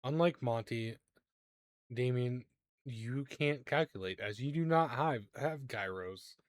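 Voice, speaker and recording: A man narrating a tabletop game as game master, halting with many fillers and quick to laugh. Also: medium pitch, no room sound.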